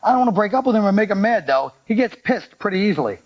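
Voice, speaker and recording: A man hosting a comedy talk show, reading out viewer letters and giving sardonic mock advice with deadpan put-downs. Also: sits high, very fast. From United States. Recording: slightly dull lo-fi TV audio, faint hiss.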